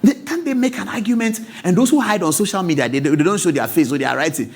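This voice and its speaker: Ghanaian host in his forties, animated storyteller with a lively, swooping voice, chuckling and stammering as he goes. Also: sits high, fast, hardly any pauses. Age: 40s. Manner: laughs often, stammers and repeats words.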